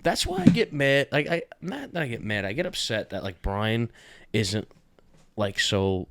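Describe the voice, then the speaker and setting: A man's voice: medium pitch, sing-song, measured pace, fairly bright tone, no echo. A young man co-hosting a podcast, chatting casually, rambling with lots of filler words and swearing. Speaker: podcast co-host. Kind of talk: casual chat.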